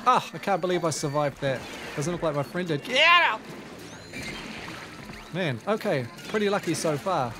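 A man with a New Zealand accent commentating his own gameplay, excitable, with frequent exclamations and self-deprecating asides. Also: fairly high pitch, fairly quick. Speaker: gaming YouTuber. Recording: game music playing underneath.

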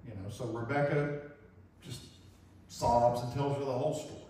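A man's voice: mid-range voice, steady tone, normal speed, dark tone. Man preaching in a very echoey hall. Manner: earnest, vivid storytelling with repeated phrases. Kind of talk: sermon storytelling illustration. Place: church sanctuary. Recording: very echoey hall, mic far off.

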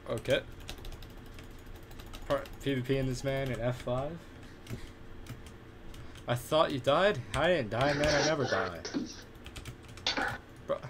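A young man in casual gaming banter with a friend, loud and excitable, breaking into shouts and laughs. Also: medium pitch, takes it slowly, long pauses, noisy background. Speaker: gamer on voice chat.

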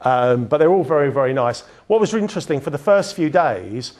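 A man's voice: mid-range voice, animated, a little fast, darkish tone. A man giving a candid public talk with slides. He tells his story with many restarts and filler words and chuckles at himself. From England.

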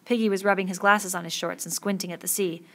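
A woman reading a novel aloud with steady, expressive storytelling. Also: medium pitch, fast talker. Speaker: audiobook reader.

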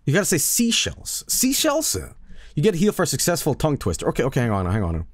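A man streaming a video game, talking excitedly, swearing and repeating commands over and over. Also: a little high, racing, no room sound. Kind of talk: live gameplay streaming.

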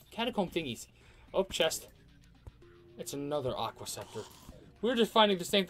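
Lively let's play host, excitable, chatty with enemies, pitch swinging wide over low game music. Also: normal speed, long pauses. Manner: excitable, talks to enemies, frequent outbursts. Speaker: gamer commentating own playthrough.

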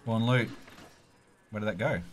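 An Australian man streaming a game with a friend, chatting casually and crying out loudly as things happen on screen. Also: lowish voice, a little slow, slight background noise. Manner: excitable, loud exclamations. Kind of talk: casual let's-play banter.

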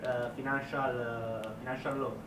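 A man's voice: medium pitch, level tone, moderate pace. A man in the audience, giving short hesitant answers to a comedian. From Italy. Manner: quiet, hesitant, brief. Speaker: audience member. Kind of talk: short replies from the crowd. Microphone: far from mic.

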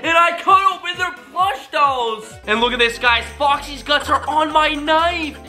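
A young male YouTube host doing hyper, jokey reaction commentary that swings between shouting and mock crying. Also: extremely high pitch, measured pace, soft background music.

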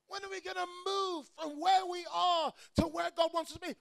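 A man preaching an energetic sermon to a crowd, often shouting. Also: very high-pitched, fairly quick, vocal fry, hardly any pauses. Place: church or event hall.

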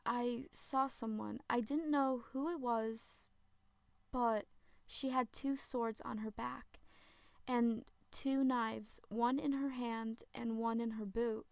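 A woman narrating a first-person horror story in a dramatic, slow storytelling way. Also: fairly high pitch, steady tone, creaky, a little mellow, no echo.

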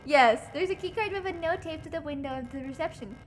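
High, lively woman streamer. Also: a little fast, few pauses, slight background noise. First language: German. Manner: reads game text aloud, chatty, swears freely. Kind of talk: casual gaming livestream chat. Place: home.

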